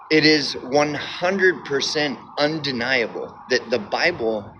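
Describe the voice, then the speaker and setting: A man's voice: medium pitch, noisy background. A man talking to camera in a casual monologue, insistent and repetitive, often restarting his sentences. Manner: repetitive, halting with restarts and fillers; insistent, emphatic. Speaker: video commentator.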